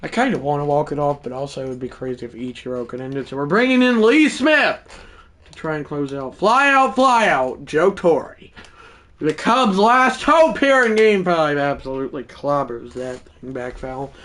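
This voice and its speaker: A man livestreaming a baseball video game, commentating his own play and bursting into shouted home-run calls. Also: fairly high pitch, lively intonation, normal speed. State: out of breath. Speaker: gaming livestreamer. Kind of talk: live gameplay commentary.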